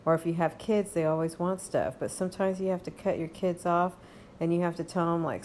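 A woman's voice: fairly low pitch, fairly even intonation, fairly quick, a little mellow, a little hiss or hum. A woman hosting a podcast, talking in a casual, rambling monologue with many fillers and reassuring "okay?" asides. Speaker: podcast host. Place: home.

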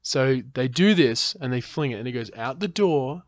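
A man's voice: medium pitch, expressive, moderate pace, no room sound. A young Australian man hosting a casual podcast, telling crude stories in slang and laughing along. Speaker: podcast host. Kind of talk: casual chat.

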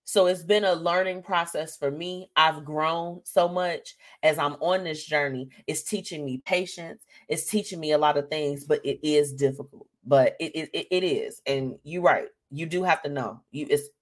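A woman's voice: lowish voice, fairly bright tone. A woman hosting a live show, talking candidly and emotionally to her listeners and calling them y'all. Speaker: host.

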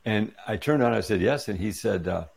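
Middle-aged man, storytelling guest: deep, husky, gravelly voice, acts out the quoted lines. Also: brisk. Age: 40s or 50s. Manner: animated retelling with quoted dialogue. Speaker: interview guest. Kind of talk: casual storytelling.

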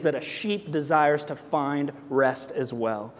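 A young adult man preaching a sermon as pastor, energetic and conversational, full of rhetorical questions. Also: medium pitch, measured pace, hardly any pauses, in a large hall.

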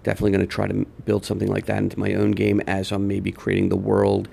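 A man hosting a gaming podcast in a relaxed, rambling solo talk with many fillers. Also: on the low side, quick pace, creaky, a little hiss or hum. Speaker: podcast host. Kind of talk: casual podcast monologue.

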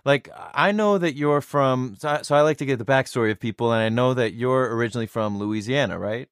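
A man's voice: medium pitch, a little fast, clear, resonant tone, no room sound, studio quality. A man hosting a podcast interview, talking in a casual, rambling way with lots of fillers and frequent laughter. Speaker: podcast host.

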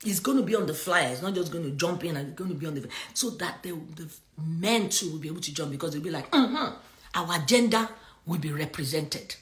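A woman's voice: low voice, fast talker, few pauses, echoey room. A middle-aged woman preaching a sermon on a livestream, reading scripture and making emphatic points with laughter between them.

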